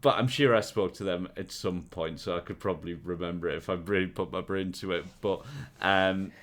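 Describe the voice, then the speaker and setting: A man's voice: deep voice, a little fast, fairly bright tone. A man, a podcast co-host and comedian, telling an anecdote with lots of laughter in casual chat.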